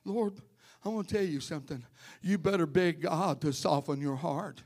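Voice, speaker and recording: A male pastor preaching a sermon to his congregation in church, telling stories and calling out members by name, rising to loud fervent preaching. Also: fairly high pitch, moderate pace.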